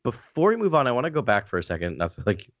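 A man's voice: medium pitch, wildly swooping pitch, racing, no echo, highs cut off. A man co-hosting a podcast, chatting casually with many fillers and restarts. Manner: rambling, lots of fillers and restarts. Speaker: podcast co-host. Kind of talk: casual discussion.

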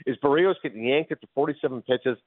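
A man calling into a sports radio show as a guest, chatting fast and animatedly about baseball and movies. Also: mid-range voice, no room sound. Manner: fast, animated, does impressions. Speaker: guest commentator. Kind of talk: casual sports radio chat. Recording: tinny phone-line sound.

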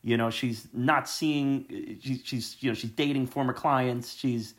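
A man's voice: mid-range voice, steady tone, a little slow. Rambling man chatting about a film. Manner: rambling, many restarts. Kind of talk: casual movie discussion.

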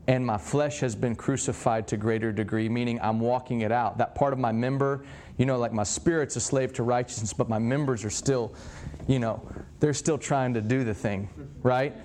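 A middle-aged man preaching with animated storytelling, acting out the dialogue of his stories. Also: medium pitch. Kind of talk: sermon-style teaching.

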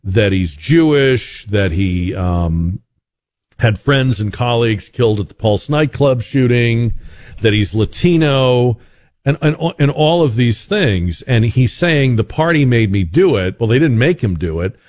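A man's voice: mid-range voice, animated, measured pace, darkish tone, no room sound. A man hosting a call-in radio talk show, musing conversationally with frequent restarts and fillers.

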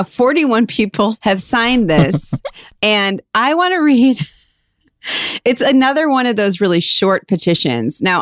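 A woman's voice: medium pitch, no room sound. British woman co-host, laughs easily, casual chatty read, dry studio sound. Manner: giggly, chatty, reads petitions aloud. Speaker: podcast co-host. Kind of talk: casual chat.

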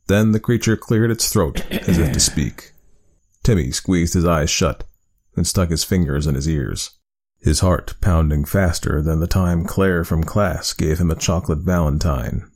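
A man narrating a spooky storybook tale with a measured, expressive reading. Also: low-pitched.

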